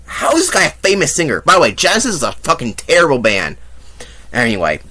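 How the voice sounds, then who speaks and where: A man's voice: medium pitch, bright, forceful tone. Blunt, profane male movie reviewer. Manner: blunt, profane and mocking, with fake sung bits. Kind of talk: ranting review monologue.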